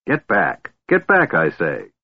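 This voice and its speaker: A man voicing a stubborn old male dwarf who is gruff and proud and grumbles and blusters. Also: deep voice, huge pitch swings, slow pace, heavily acted. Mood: grumpy. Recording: tinny phone-like band, dry.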